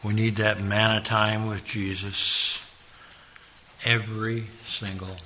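Slow, earnest man preaching a sermon. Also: on the low side, level tone, a little hiss or hum. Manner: slow, earnest, repetitive preaching with sudden loud emphasis.

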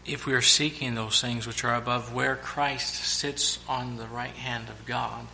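Bright-voiced male preacher. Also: medium pitch, steady tone, a little slow, creaky, slight background noise. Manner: preaching with sudden loud acted-out shouts. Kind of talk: sermon.

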